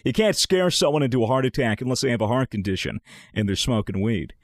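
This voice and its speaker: A young man in his twenties talks quickly in a medium-pitched voice, with no room sound. As a podcast co-host, he chats casually and tells animated stories, swearing a lot and acting out what people said.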